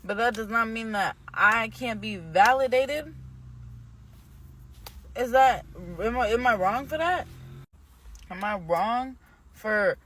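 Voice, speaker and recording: A woman's voice: fairly high pitch, animated, takes it slowly, pauses often, fairly bright tone, slight background noise. Candid young woman telling a story. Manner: candid and rambling, heavy on "like"; grows heated and indignant. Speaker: vlogger. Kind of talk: casual storytime monologue.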